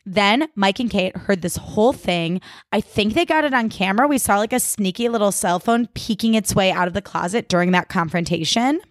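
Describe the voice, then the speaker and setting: A woman's voice: medium pitch, fairly quick, dry recording. Woman podcast host gossiping through an episode recap, says like a lot, curses, dry close mic. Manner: chatty, swears freely, lots of "like".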